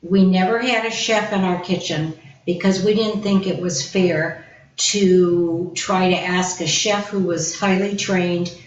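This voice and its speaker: A woman's voice: fairly low pitch, steady tone, unhurried. A woman hosting a casual cooking show, introducing guests with effusive praise. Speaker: host. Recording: roomy, distant, dull, faint hiss.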